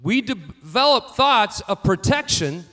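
A man preaching a sermon, telling personal stories and swinging from quiet asides to louder emphatic lines. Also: sits high, big pitch swings, a little slow. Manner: storytelling, varies loudness widely, rising for emphasis. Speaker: pastor.

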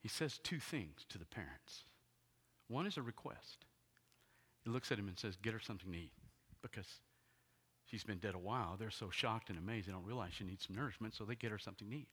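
A male pastor preaching a sermon dramatically, swinging between hushed whispers and loud exclamations. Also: lowish voice, lively intonation, a little fast, slightly rough.

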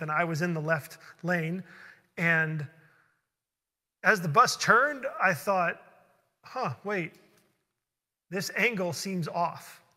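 A male pastor with a high, bright, ringing voice preaches in a church sanctuary. He tells his story with earnest conviction and speeds into excited rushes when it grows tense. A long reverb tail hangs after each phrase. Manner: earnest storytelling, building to fast excited bursts. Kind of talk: sermon with personal story.

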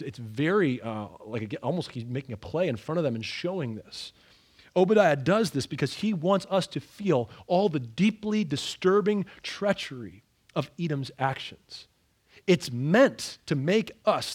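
Husky dramatic preacher man. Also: fairly high pitch, a little mellow. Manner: dramatic, acts out the scripture with sudden raised outbursts. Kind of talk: expository sermon.

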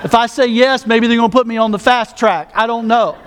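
A pastor preaching a sermon in a conversational way, with self-mocking asides and repeated words. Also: male voice, extremely high pitch, fairly even intonation, brisk, some chatter behind, a little hiss or hum.

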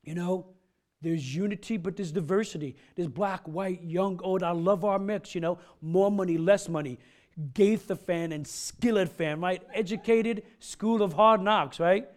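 A man's voice: high voice, measured pace. A middle-aged man preaching a casual, joking sermon, chatty and rambling with many asides. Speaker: pastor.

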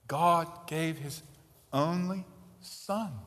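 A male pastor delivers a sermon with emphatic preaching, pressing hard on key words and dropping into quiet asides. His voice sits a bit high for a man. The sound carries a long reverb of a church hall. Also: extremely slow. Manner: emphatic preaching, swings between loud stresses and quiet asides. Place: church sanctuary.

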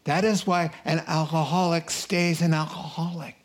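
A man preaching a sermon, animated, acting out crowd voices and rising to excited outbursts. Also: a little high, normal speed.

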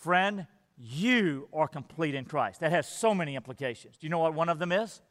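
A man's voice: fairly high pitch, animated, moderate pace, fairly bright tone, in a large hall. A man preaching a sermon, earnest and emphatic, often repeating words as he builds his point.

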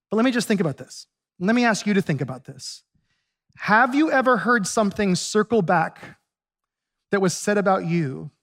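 High-voiced male pastor preaching. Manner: conversational, animated storytelling with acted asides. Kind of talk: sermon.

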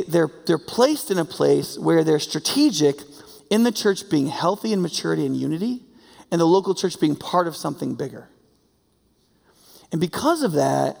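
A man preaching a sermon as a pastor, talking in a loose, animated, conversational way and acting out the voices he quotes. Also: sits high, gravelly, big-room sound.

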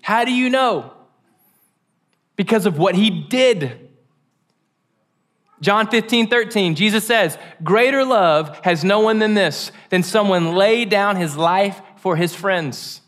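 A man preaching a sermon, animated and joking, acting out the quoted voices. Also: high-pitched, slow.

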